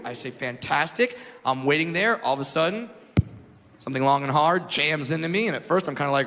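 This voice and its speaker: Loud high-voiced male stand-up comic. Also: expressive, normal speed. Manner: loud, shouting punchlines, acting out characters. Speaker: stand-up comedian. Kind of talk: stand-up comedy set. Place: comedy stage before a live audience. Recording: live hall with crowd laughter and noise.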